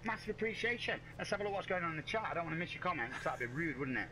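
A man's voice: a little high, animated, rapid-fire, background noise. Guy streaming, thanking chat nonstop, keys clacking in the background. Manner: chatty, thanking viewers by name. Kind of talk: casual live-stream chat.

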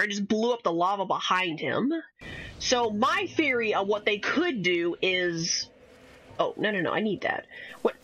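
A woman's voice: mid-range voice, a bit bright, low-quality recording. A young woman streaming a game, rambling and swearing as she chats through her play. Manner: rambling, swears often, swings from chatty to exasperated outbursts. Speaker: gaming streamer. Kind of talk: casual gameplay commentary.

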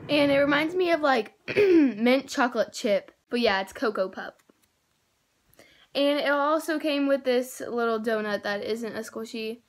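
A teenage girl casually unboxing squishy toys, gushing and excitable, rambling with many fillers. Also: on the high side, measured pace. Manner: gushing and excitable, with gasps and squeals; rambling, with many likes and self-corrections. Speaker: squishy toy haul vlogger.

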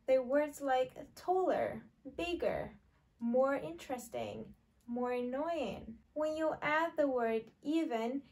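A woman teaching an online English lesson, modeling example sentences slowly and clearly for learners to repeat. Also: high voice.

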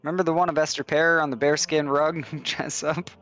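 A man's voice: fairly high pitch, flat delivery, fairly quick, a bit bright, voice pushed up, lightly acted. A man voicing a teasing old keep resident who chuckles through folksy stories.

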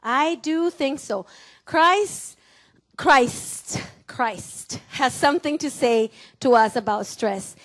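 In a church sanctuary, a pastor with a high-pitched voice and a Mexican Spanish accent preaches a sermon slowly, her tone fairly bright. Playful and quick to laugh, she teases the congregation and has them repeat words back to her.

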